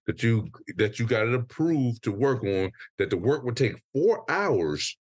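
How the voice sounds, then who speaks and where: A man co-hosting a casual podcast chat, venting with a profane, animated story full of quoted back-and-forth. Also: medium pitch, moderate pace, few pauses, breathy edge, dry recording. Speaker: podcast co-host.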